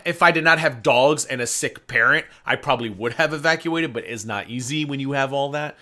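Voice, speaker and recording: A man's voice: mid-range voice, sharp tone. A man guesting on a casual stream, rambling chattily through profane anecdotes. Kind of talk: casual storytelling chat.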